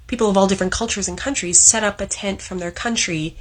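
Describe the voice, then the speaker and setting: A woman's voice: medium pitch, steady tone, fast talker. A Canadian woman, a former financial advisor, telling a casual anecdote in a matter-of-fact way.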